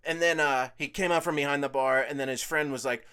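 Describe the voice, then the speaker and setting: A man's voice: medium pitch, steady tone, brisk, few pauses, pushed and bright, clean tone. Profane rambling storyteller, man. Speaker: host. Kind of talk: rambling casual monologue. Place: indoors at home.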